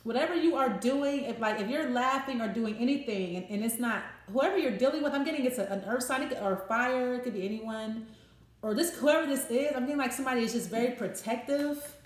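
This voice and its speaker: A woman's voice: on the high side, fairly quick, echoey room. Chatty woman doing a tarot reading. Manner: chatty, swears freely, repeats and restarts phrases. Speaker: tarot reader. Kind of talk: casual tarot reading to camera.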